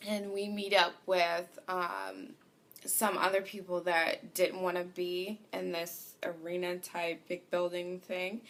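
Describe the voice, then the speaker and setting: Woman, unhurried and hesitant storyteller, fairly low voice, frequent fillers. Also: gravelly. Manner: hesitant, many fillers, drifts softer as she goes. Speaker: vlogger. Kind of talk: personal storytelling. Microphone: home recording.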